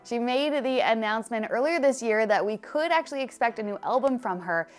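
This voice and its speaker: A woman's voice: a little high, expressive, brisk, faint music behind. A young adult woman hosting an entertainment news show, presenting stories in a chatty, breezy way with personal asides. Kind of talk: upbeat scripted news presenting.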